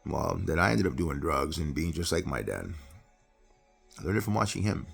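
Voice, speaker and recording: Middle-aged male preacher, gravelly, earnest, swings from forceful to hushed. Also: expressive, moderate pace, faint music behind. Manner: earnest and personal, swings from loud emphasis to low, quiet confession. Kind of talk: devotional Bible talk.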